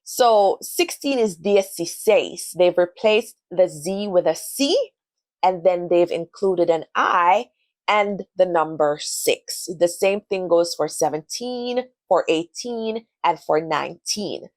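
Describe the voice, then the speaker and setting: A woman's voice: fairly low pitch, takes it slowly, no echo. A woman teaching a beginner Spanish lesson, spelling words out letter by letter and modeling pronunciation for the listener to repeat. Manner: switches between English and Spanish, modeling pronunciation. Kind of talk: scripted language lesson.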